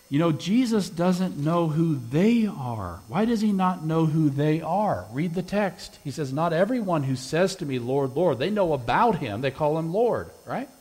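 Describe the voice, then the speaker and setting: A man's voice: on the high side, darkish tone, breathy edge. Emphatic male preacher in a reverberant hall. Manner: emphatic, rising on scripture quotes. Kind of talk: sermon with altar invitation.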